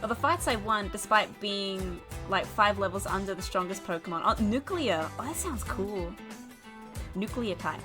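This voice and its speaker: A woman's voice: mid-range voice, lively intonation, normal speed, over music. A young woman streaming as she draws, chatting casually with viewers and giggling often. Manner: chatty, giggly, talks to chat. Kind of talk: casual chat while drawing on stream.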